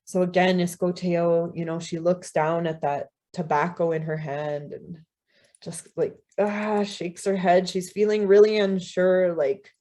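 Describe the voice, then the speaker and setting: Woman telling a story in a talk, lowish voice. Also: unhurried. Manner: casual, warm storytelling with "you know" and soft laughs. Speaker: guest speaker.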